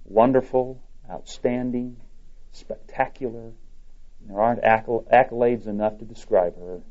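A man preaching a sermon in an earnest, measured way. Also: mid-range voice, fairly even intonation, mellow. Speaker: pastor. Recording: dull lo-fi recording.

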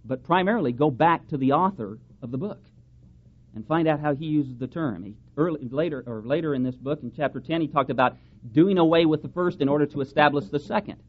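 A man's voice: on the high side, brisk. A man preaching a sermon, reading scripture aloud and pressing his points with strong rises in emphasis. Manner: emphatic, rising and falling for stress, reads scripture aloud. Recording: dull lo-fi sound with faint background hiss.

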